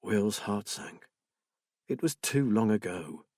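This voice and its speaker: A man reading a suspense novel aloud in measured, subdued scripted narration. His voice is husky, with an even middle pitch, and the recording is close and completely dry with no room sound. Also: no echo. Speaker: audiobook narrator.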